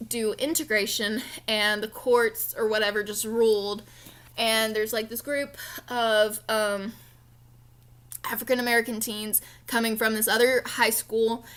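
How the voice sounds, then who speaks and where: A woman's voice: a little high, bright, forceful tone, clear, resonant tone. A young woman chatting casually about books she read, gushing and playful, with lots of fillers. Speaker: book vlogger. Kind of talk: casual book review chat.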